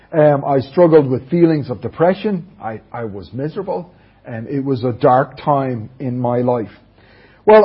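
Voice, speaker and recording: A man's voice: on the high side, slightly rough. A middle-aged Irish man preaching a sermon in church, earnestly telling his personal testimony and often checking in with his listeners. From Ireland. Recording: dull lo-fi church recording.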